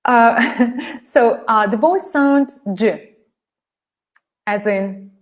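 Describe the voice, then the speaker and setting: A woman teaching English pronunciation in an online webinar, slowly exaggerating sounds and reading practice sentences for learners to repeat. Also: a little high, muffled recording. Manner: slow, carefully exaggerated pronunciation drills.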